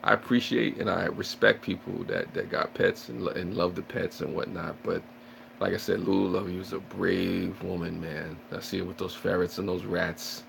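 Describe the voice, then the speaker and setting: A man's voice: low-pitched, fairly even intonation, normal speed, gravelly, a bit bright, a little hiss or hum. A man chatting and joking with viewers on a casual livestream, rambling and playfully acting out scared shrieks. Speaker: livestream host.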